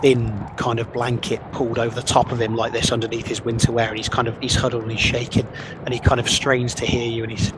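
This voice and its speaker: A man's voice: mid-range voice, quick pace, heavy background noise. Man narrating as game master. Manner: relaxed, conversational, with fillers. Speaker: dungeon master.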